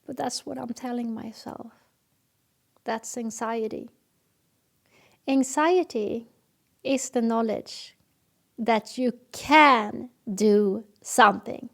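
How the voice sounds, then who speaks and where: A woman's voice: a little high, slow, vocal fry, pauses often. A woman talking earnestly to camera in a reflective monologue, telling stories with acted examples and sometimes dropping to a whisper. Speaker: self-help video host.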